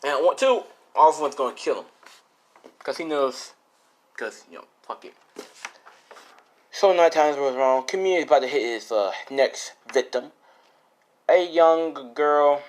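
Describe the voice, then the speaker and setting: A man's voice: on the high side, lively intonation, a little slow, pauses often. A young man improvising a fan-fiction story, rambling and casual, swearing often and full of fillers.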